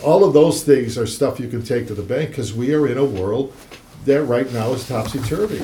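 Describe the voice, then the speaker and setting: A man's voice: mid-range voice, normal speed, mellow, a little hiss or hum. A man guest in a casual faith conversation, speaking earnestly and stacking his points in lists. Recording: roomy echo.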